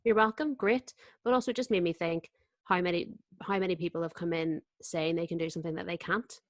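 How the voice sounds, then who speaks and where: A woman's voice: lowish voice, fast, no room sound. A young adult woman, an actor and podcast guest, chatting casually and acting out her own thoughts as she tells a story. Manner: lively storyteller, acts out her own inner voice. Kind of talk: casual chat.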